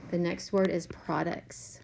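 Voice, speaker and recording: A woman teaching a third grade class, slowly and patiently sounding out letters and words. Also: fairly low pitch, little pitch movement, creaky, background noise. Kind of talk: remote spelling lesson.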